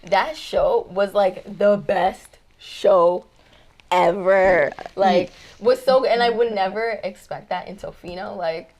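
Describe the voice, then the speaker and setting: A woman's voice: mid-range voice, fairly even intonation, slow pace, darkish tone, poor audio. A woman guest musician in casual chat, telling stories with lots of fillers in a studio lounge. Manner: chatty storyteller, many fillers like "like" and "um".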